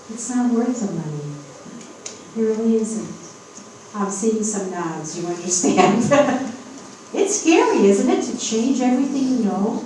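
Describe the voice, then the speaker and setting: A woman's voice: mid-range voice, warm tone. A woman in her fifties, a spiritual medium, giving an emphatic, encouraging workshop talk to a live audience and often checking in with the crowd. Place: event room at a hotel. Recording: echoey room, distant, faint hiss.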